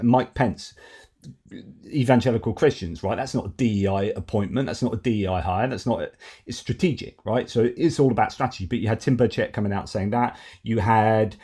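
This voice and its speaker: A man's voice: lowish voice, a little mellow, husky. A man giving casual political commentary, chatty, with many fillers and restarts.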